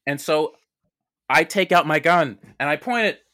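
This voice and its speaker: A man rambling through an improvised, absurd comedy story in a deadpan way, as co-host. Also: on the high side, normal speed, dry recording, studio quality.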